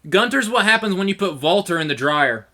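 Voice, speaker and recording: Animated, bright-voiced man. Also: sits high, brisk. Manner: animated storyteller, laughs often. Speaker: podcast co-host. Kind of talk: casual chat.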